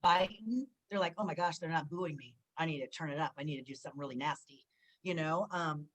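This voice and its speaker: A Southern California woman in her forties, formerly a wrestler, chats a little fast in a low voice during a casual interview. She acts out what people said with animated storytelling and frequent fillers, captured on a rough recording.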